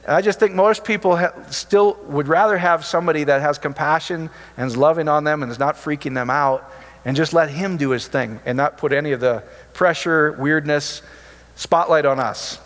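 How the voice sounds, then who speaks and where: A man gives an informal sermon, trading stories of prayer with joking asides in a relaxed, conversational way. His voice sits a little high for a man. A long reverb trails behind him, as in a big hall. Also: moderate pace. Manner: chatty storytelling, jokey asides. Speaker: preacher.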